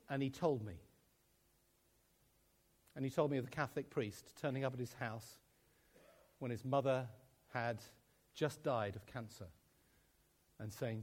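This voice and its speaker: A man's voice: medium pitch, expressive, normal speed, pauses often. A man preaching a sermon, telling stories with acted-out dialogue and laughing often as he speaks. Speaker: pastor.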